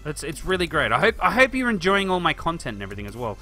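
A man's voice: fairly high pitch, very animated, very fast, pushed and bright, faint music behind. A man chatting casually through a live stream of a city-building game, thinking aloud and answering viewers. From Australia. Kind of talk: live-stream gameplay commentary.

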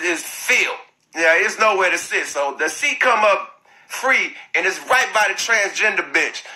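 A man's voice: sits high, sharp tone, poor audio. A man telling a profane story on a phone live stream, laughing often.

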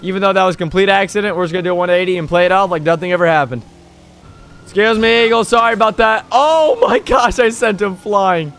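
With a clear, resonant, high-pitched voice carrying some vocal fry, a young man talks quickly through live commentary on a driving game. The gaming YouTuber and server owner gets excitable, cheekily teasing the police on his tail and yelping on each jump and crash.

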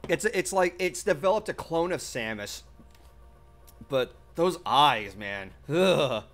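A man hosting a casual group chat while playing a game, animated and laughing often. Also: on the high side, takes it slowly, soft background music.

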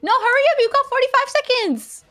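Giggly high-voiced woman gaming. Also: lively intonation, brisk, loud music behind the voice. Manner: giggly, bubbly, playful. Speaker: co-player. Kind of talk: casual game chat.

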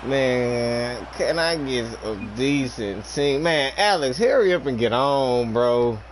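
Medium in pitch and slow in pace, this man's voice has lively intonation. He streams a game and complains about teammates, trading casual jokes with his younger brother over game sounds and background noise.

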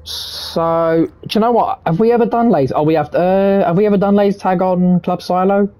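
A man giving loud, excitable gameplay commentary from his room, boastful and swearing freely, his voice hoarse from shouting. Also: sits high, normal speed. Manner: excitable, boastful, swears a lot, shouts and cackles in tense moments. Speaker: gaming video creator.

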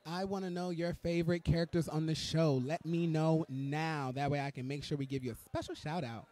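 A man with a slightly high voice hosts live coverage from an indoor red carpet. He talks in a gushing, excitable and campy way. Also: a little fast.

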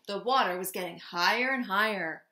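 A woman reading a children's picture book aloud in a gentle, expressive way. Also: mid-range voice, normal speed, roomy sound, noisy background. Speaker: storybook reader. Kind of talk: children's story read-aloud.

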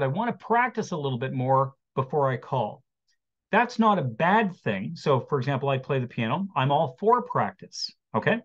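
Animated man giving a webinar talk. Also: a little high. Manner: lively, acts out quotes and jokes. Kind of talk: motivational talk to an online audience. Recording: dull lo-fi webinar audio.

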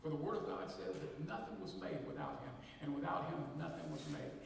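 A man's voice: fairly high pitch, sing-song, fairly quick, gravelly, a little hiss or hum. A middle-aged man preaching a folksy sermon as pastor, leading the congregation in call and response. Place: church sanctuary. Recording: echoey hall from far off.

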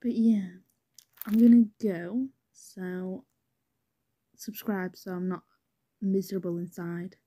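Speaking slowly with long pauses, a young woman with a British accent narrates a personal story in a lowish, dark-toned voice. She rambles chattily, swears freely, and keeps saying "anyways."

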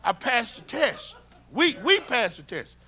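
A male pastor, preaching a sermon and moving from shouts and call-and-response to quiet, close talk. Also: very high-pitched, very animated, unhurried. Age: 50s. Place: church sanctuary with congregation.

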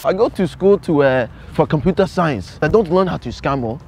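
A man's voice: a little high, expressive, normal speed, voice pushed up. A young man putting on a Nigerian accent, playing a pushy student who keeps asking to learn scamming, tacking "oh" and "ah, ah" onto his lines, in a lecture hall with faint noise. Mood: insistent. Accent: Nigerian (put on). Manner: insistent, exclamatory "oh" and "ah, ah" tags.

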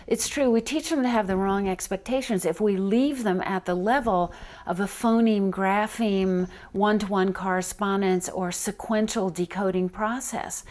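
A middle-aged woman, a reading researcher, answering interview questions in a measured, explanatory way, spelling out letters as examples. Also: mid-range voice, a little mellow.

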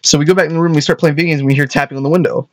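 A man's voice: fairly high pitch, steady tone, racing, a little mellow, dry recording. A young man casually telling a storytime tale, rambling, restarting his sentences and often adding "you know what I mean".

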